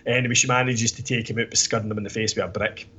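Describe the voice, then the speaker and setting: A man's voice: fairly low pitch, steady tone, racing, pushed and bright, slight background noise. A Scottish man co-hosting a podcast, giving a rambling, sweary plot recap full of fillers. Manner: rambling, sweary, lots of "kinda" and "basically". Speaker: podcast co-host reviewing a film.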